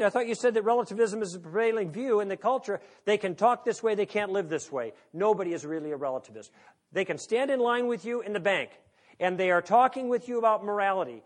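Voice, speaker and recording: High-pitched male speaker, chatty and wry, lecturing a live crowd. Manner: conversational, humorous, rhetorical questions. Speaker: speaker on moral philosophy. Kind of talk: lecture to an audience.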